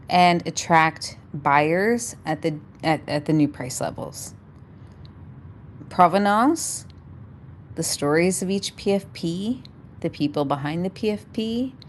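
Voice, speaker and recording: A woman's voice: fairly low pitch, a little hiss or hum. A woman from Canada chatting enthusiastically and rambling a little on a casual livestream.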